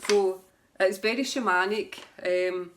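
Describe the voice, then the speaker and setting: A woman's voice: medium pitch, steady tone, slow, slight background noise. A woman who reads tarot, chatting casually to camera about her books in a rambling way and laughing at herself. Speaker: tarot reader. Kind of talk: casual book chat to camera.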